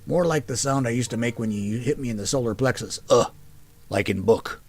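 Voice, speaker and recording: A man's voice: medium pitch, fairly quick, natural voice. A man voicing a big, scarred male elf who patiently tutors his younger sister. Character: big scarred male elf, warm teasing older brother.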